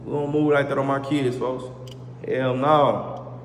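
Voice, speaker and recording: Speaking at an unhurried pace in a medium pitch, this man animatedly acts out heated quotes during a casual storytime heavy with street slang and repeated oaths. There's a slight hiss or hum, and the room is echoey with long reverb.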